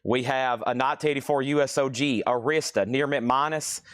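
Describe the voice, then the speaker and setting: A man hosting a live online record sale, rattling off prices and bids in rapid salesman patter, with audible nose breathing on a close mic. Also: mid-range voice, fairly even intonation, dry recording. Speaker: live-stream auction host. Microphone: mic right next to his mouth.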